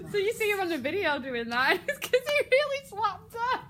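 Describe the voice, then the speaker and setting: An English woman teaching a drama lesson, acting out lines with sudden shouts and laughing often. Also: very high voice, very animated, a little slow, noisy background.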